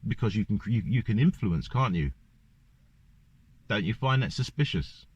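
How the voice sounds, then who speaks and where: A man's voice: lowish voice, expressive, moderate pace, husky, dry recording. A man ranting in a monologue to camera, firing off one rhetorical question after another. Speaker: vlogger. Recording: dull lo-fi dry recording.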